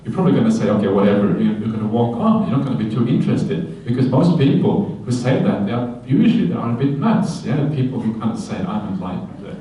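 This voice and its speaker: A man, a Buddhist monk, giving a conversational Dharma talk at a retreat, with many fillers and "yeah?" tags, breaking into lively quoted voices. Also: mid-range voice, brisk, hardly any pauses, muffled recording. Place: retreat hall. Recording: very echoey hall, voice from far off.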